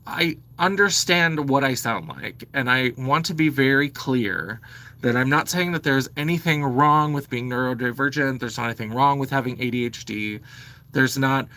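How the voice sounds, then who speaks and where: Vlogger type: man in his forties, blunt and sweary, delivery that swings up and down with a bright, forceful edge. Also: medium pitch. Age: 40s. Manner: animated, blunt, sweary, exasperated. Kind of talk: ranting to camera.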